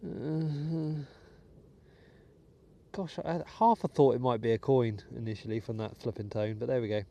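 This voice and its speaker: A man's voice: medium pitch, normal speed, creaky, warm tone. A British man hosting a metal detecting vlog, chatting casually to viewers as he digs outdoors in a wet field, with muttered asides. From United Kingdom. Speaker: metal detecting channel host. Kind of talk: casual vlog commentary while digging.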